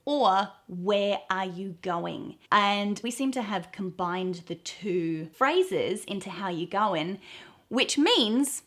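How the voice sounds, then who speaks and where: A woman's voice: mid-range voice, expressive, slow, fairly bright tone. Australian woman coaching slang, cheerful and playful. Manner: cheerful, playful, acts out example phrases. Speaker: accent coach. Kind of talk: explaining slang to camera.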